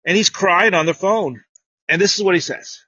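Husky guy preaching, a bit high, repeats himself a lot then gets loud and punchy. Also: moderate pace. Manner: storytelling, repeats words, rises to loud emphatic preaching. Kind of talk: sermon.

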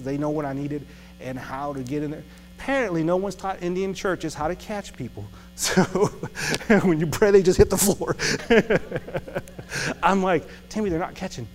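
A man preaching a casual testimony sermon, often laughing as he tells a story. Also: on the high side. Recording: reverberant hall with music.

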